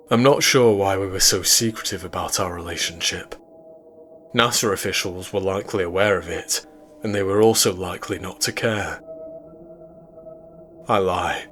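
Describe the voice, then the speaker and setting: Low-voiced British male narrator. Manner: measured, steady storytelling. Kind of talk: scripted horror narration.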